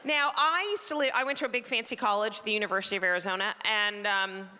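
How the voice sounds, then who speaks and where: A woman's voice: medium pitch, fast talker, sharp tone, slight background noise. A middle-aged woman from Canada performing a stand-up comedy set, chatty and self-deprecating, acting out characters. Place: performing arts center stage. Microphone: stage microphone. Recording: live theater with long reverb.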